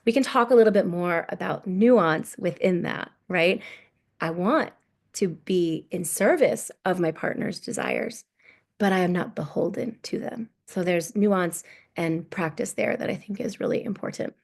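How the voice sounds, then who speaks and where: Low-voiced woman with vocal fry. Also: unhurried. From United States. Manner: relaxed, frequent "right?" and "like". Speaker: sex coach. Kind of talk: casual workshop talk.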